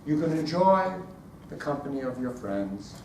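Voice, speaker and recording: A man's voice: mid-range voice, moderate pace, slight background noise. A man giving a storytelling speech at a speaking club, acting out scenes with sounds as he goes. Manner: animated, acts out scenes with sounds. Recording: echoey room from far off.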